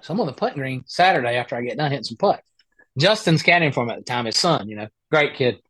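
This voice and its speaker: A man who plays golf for a living, telling an animated, rambling story in a casual podcast interview on a close mic. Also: medium pitch, fast talker, husky, no room sound. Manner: animated, rambling anecdote with many restarts. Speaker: guest, professional golfer.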